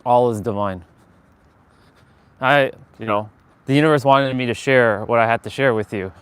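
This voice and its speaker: A man's voice: medium pitch, moderate pace, clean tone. A man hosting a casual motivational livestream outdoors, talking earnestly in a rambling way with many fillers and restarts. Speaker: live-stream host.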